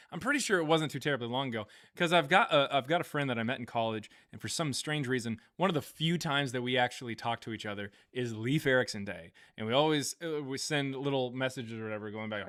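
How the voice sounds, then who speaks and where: A man with a mid-range, slightly bright voice hosts a live stream, reading out viewer donations. His casual chat is loose and rambling, packed with fillers and frequent chuckles.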